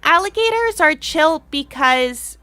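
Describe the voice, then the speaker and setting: High-voiced, slow-talking woman co-host. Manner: excitable, rambling, swears. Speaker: co-host, intern. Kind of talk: comedy podcast banter.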